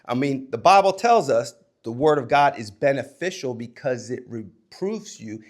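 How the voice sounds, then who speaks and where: A man and former coach giving a motivational talk to young people, emphatic, swinging between loud and hushed delivery. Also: mid-range voice, lively intonation, normal speed.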